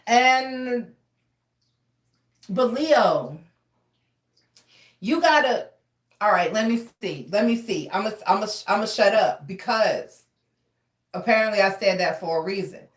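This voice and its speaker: A woman giving a casual tarot reading with a fairly high voice. She talks frankly, swears freely and calls her listeners baby. The sound is roomy and she sits a little away from the mic. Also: far from the mic. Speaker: tarot reader.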